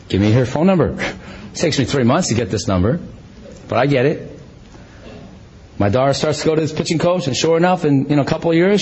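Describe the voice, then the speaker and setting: A middle-aged male pastor preaching a sermon in a conversational, animated way, with self-deprecating humor and frequent restarts. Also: on the high side, lo-fi sound.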